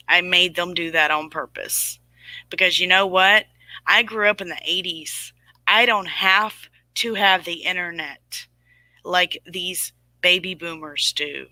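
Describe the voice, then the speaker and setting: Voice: medium pitch, measured pace, bright, forceful tone, dry recording, poor audio. A host in their forties giving a rambling, emphatic livestream talk and answering viewers' chat comments through a webcam or phone mic. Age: 40s.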